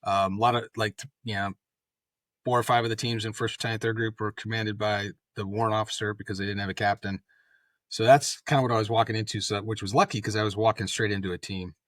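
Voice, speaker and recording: A man's voice: fairly low pitch, fast talker, no echo. A middle-aged man, a former special forces officer, telling stories in a casual interview and acting out the dialogue. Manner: animated storyteller acting out quoted dialogue. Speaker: podcast guest, former Green Beret officer.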